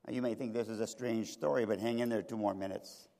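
A middle-aged male pastor preaching a sermon, telling a story dramatically with sharp swings between loud and soft. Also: medium pitch, steady tone, brisk, few pauses. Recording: reverberant hall.

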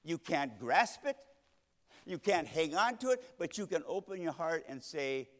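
A man preaching a sermon, swinging between loud emphatic lines and hushed soft ones. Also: a little high, big pitch swings, unhurried. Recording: long reverb of a large hall.

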